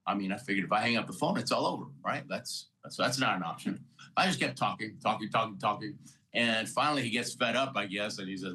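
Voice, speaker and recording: An older man in his sixties with a bright, forceful voice sits as an interview guest and tells his story. He talks with lively energy, laughs often and slips into the voices of the people he met along the way. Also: fairly low pitch, quick pace, poor audio. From Houston, Texas. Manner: energetic, motivational, laughs often, acts out dialogue. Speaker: guest, Olympic athlete.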